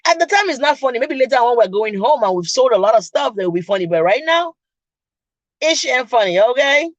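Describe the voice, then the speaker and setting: A woman's voice: fairly high pitch, expressive, brisk, no echo, dull audio. A middle-aged woman with a Nigerian accent hosting a casual chat, laughing often and teasing her viewers directly. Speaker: podcast host.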